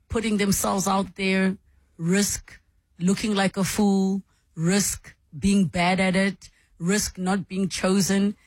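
A woman's voice: lowish voice, a little mellow, dry recording. A woman interviews a guest in a dry, close-miked studio. She is chatty and reflective, and she often restarts her sentences and adds fillers as she thinks aloud. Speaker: radio host interviewing a guest. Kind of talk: warm conversational interview.

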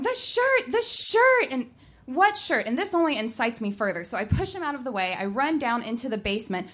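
A young adult woman telling a personal story, animated and acting out her own shouting. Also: on the high side. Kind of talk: personal story told to an audience.

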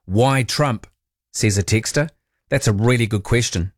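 A man's voice: on the low side, dry recording, clean studio sound. A man with a New Zealand accent hosting a call-in radio show, chatting wryly about his callers. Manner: chatty, wry, quick to comment on callers. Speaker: talk radio host. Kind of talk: late-night call-in radio chat. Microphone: studio microphone.

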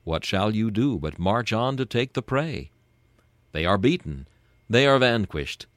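A man reading a scripted devotional meditation in a solemn, measured, preacherly way. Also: lowish voice, big pitch swings, a bit bright, dry recording. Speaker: devotional reader.

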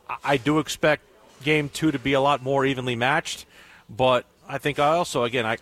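A man's voice: mid-range voice, fairly bright tone. A man hosting sports radio talk, rambling and repeating words as he works through a point.

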